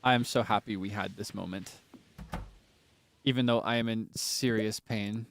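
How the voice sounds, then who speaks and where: A man's voice: lowish voice, fairly even intonation, normal speed, vocal fry, slight background noise. A man casually chatting to his viewers while streaming a game, talking straight to them and breathless from laughing fits. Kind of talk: casual gameplay stream chat.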